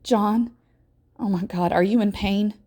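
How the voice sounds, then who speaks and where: A woman's voice: medium pitch, fairly even intonation, measured pace, dark tone, voice pushed up, lightly acted. A woman reading aloud and voicing a distraught mother who pleads with her injured teenage son. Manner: pleading, rising to near-wails.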